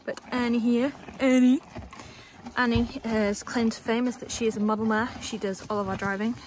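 A woman's voice: fairly high pitch, level tone, brisk, slight background noise. A young woman, casually chatting as she gives a walking tour of a horse yard. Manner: chatty, rambling, coos at the animals. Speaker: stable staff member giving a tour.

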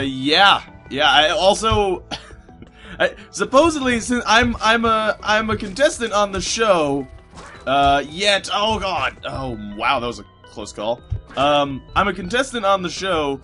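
This gaming YouTuber speaks in a high, bright voice with a forceful tone as he plays through a game. His let's play narration rambles along chattily, packed with filler words and restarted sentences.

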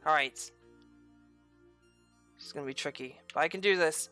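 A woman hosting a let's play, excitable and profane, with loud outbursts. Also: deep voice, normal speed, long pauses, soft background music. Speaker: gaming video host.

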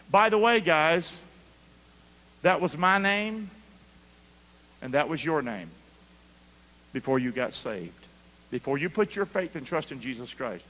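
A man preaching a sermon as pastor, calling for answers from the congregation and swinging from quiet asides to loud shouts. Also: on the high side, lively intonation, unhurried, long pauses. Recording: long hall reverb.

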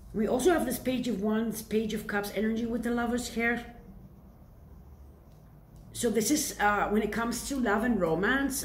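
A woman of medium pitch and a slightly mellow tone chats through a casual tarot reading on camera. She's playful, regularly raising rhetorical questions and supplying the answers, while the echoey room carries a faint hiss.

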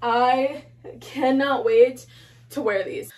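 Bubbly high-voiced woman gushing to camera. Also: takes it slowly, darkish tone. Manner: bubbly, gushing, chatty with many fillers. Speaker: fashion haul vlogger. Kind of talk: casual excited chat to camera. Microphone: phone camera.

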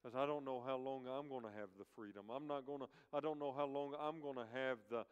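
A man's voice: medium pitch, steady tone, brisk, clean tone. A man giving a sermon as a guest preacher at a pulpit, telling a story with emphatic repetition. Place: church sanctuary. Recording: dull church-hall recording with long reverb.

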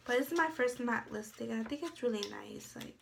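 A woman's voice: fairly high pitch, fairly quick, creaky, heavy background noise. A young woman chatting casually in a beauty haul video, rambling with lots of filler words. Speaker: beauty vlogger.

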